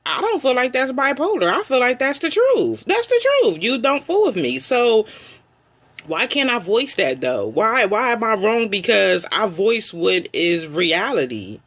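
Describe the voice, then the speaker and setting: A woman's voice: fairly high pitch, big pitch swings, a little slow, fairly bright tone. A woman hosting a live online show, venting her frustration in an emotional, repetitive personal rant.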